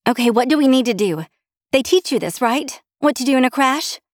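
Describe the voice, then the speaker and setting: A woman voicing an alarmed young wife, high and urgent. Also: lively intonation, brisk, darkish tone, no room sound, clean studio sound. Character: excitable pregnant young wife, easily alarmed. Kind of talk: audiobook character voice.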